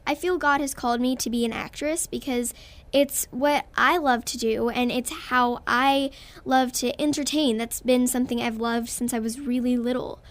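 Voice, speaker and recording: A woman's voice: on the high side, steady tone, normal speed. A young girl from Texas with a Texan accent, a guest actress in a radio interview, talking in a bubbly, earnest way and giggling often. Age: child.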